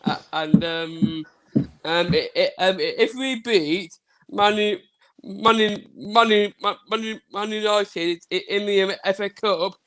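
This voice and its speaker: A man speaking as a guest on a fan chat, halting and full of fillers and repeated words. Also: sits high, fairly bright tone, rough recording. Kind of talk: casual chat.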